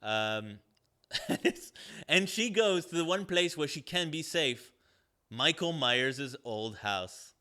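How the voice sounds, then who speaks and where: A man's voice: on the high side, animated, slow, sharp tone. A man reviewing a movie on a podcast, ranting in a sarcastic, profane, rambling way with lots of fillers.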